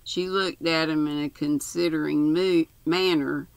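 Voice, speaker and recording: An older woman slowly reading a novel aloud as a storyteller. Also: sits low, fairly even intonation, vocal fry, clear, resonant tone, no room sound, poor audio.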